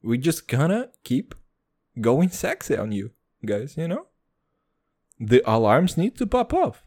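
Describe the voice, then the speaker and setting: Swaggering, crude young man podcasting solo. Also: a little slow. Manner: crude, swaggering slang, lots of "dude"; jumps between low mutters and high excited bursts. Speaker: podcast host. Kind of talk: casual solo podcast rant.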